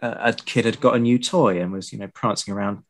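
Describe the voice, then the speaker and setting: A man's voice: fairly low pitch, fairly even intonation, fast talker. A man from southern England chatting casually and telling a story, with fillers like "you know". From Bournemouth, England. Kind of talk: casual chat.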